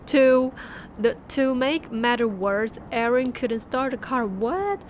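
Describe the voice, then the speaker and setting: A woman, a Mandarin speaker, reading a book aloud on a stream with halting restarts and chatty asides. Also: a little high, steady tone, slight background noise. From Taiwan. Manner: laughing asides between passages.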